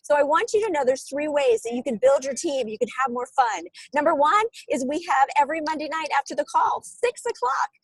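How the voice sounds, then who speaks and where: A woman's voice: sits high, lively intonation, fairly quick, few pauses, no echo, low-quality recording. An American woman giving an enthusiastic, persuasive training talk over a video call. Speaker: team leader giving training.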